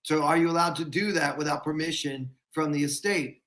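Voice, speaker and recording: A man, a comedian guest, talks on a casual podcast. His voice sits a little high, and he explains things thoughtfully at a measured pace. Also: a bit bright.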